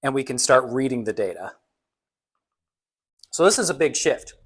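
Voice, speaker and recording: A man's voice: mid-range voice, animated, normal speed, fairly bright tone, husky, low-quality recording. A man giving a casual, jokey conference presentation who talks conversationally and acts out what other people say. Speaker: conference speaker.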